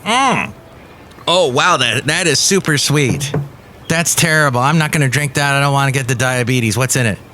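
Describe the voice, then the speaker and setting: A man's voice: medium pitch, normal speed, bright, forceful tone, a little hiss or hum. A man hosting a comedy podcast, reading the news with goofy puns and playful asides. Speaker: podcast host.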